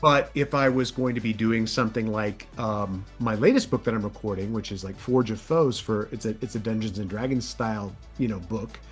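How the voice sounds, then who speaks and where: A man who narrates audiobooks, chatting in an interview in a lively way, his voice jumping up when excited. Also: normal speed, few pauses, soft background music. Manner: animated, pitch jumps when excited. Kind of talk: casual interview chat.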